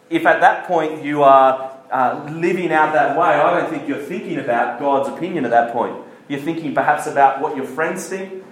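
A man's voice: fairly high pitch, a bit bright. A man giving a casual, jokey church talk and asking the room questions. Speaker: youth speaker. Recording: echoey hall.

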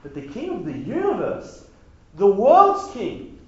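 A man giving a sermon to young people, animated and casual, repeating himself and acting out quotes. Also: high-pitched, a little slow. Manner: animated, repetitive, casual slang, acts out quotes. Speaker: youth preacher. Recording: very echoey hall, dull sound.

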